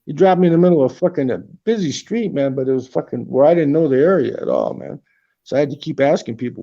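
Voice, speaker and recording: A man's voice: fairly high pitch, lively intonation, fast, gravelly, mellow, lo-fi sound. A man hosting a casual livestream from his apartment, telling rambling, profanity-laced stories. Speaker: livestream host. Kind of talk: casual chat.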